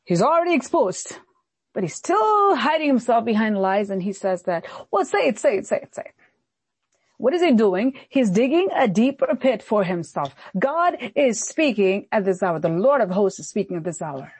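Woman pastor preaching hard, husky breathy voice, dry close sound, keeps repeating herself. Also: medium pitch, big pitch swings, moderate pace, darkish tone, dry recording. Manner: emphatic, repetitive exhortation. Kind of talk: sermon.

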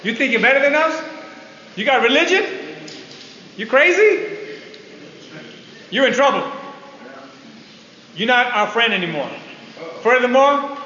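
A preacher putting on mocking old party friends. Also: male voice, very high-pitched, expressive, unhurried, long pauses, sharp tone, heavily acted. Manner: taunting, rising questions. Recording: roomy hall, dull lo-fi, faint hiss.

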